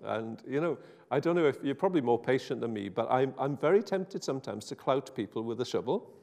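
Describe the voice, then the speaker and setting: A man's voice: mid-range voice, lively intonation, a little fast, gravelly, darkish tone. A man preaching an informal sermon in a chatty, wry, self-interrupting way. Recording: hall reverb.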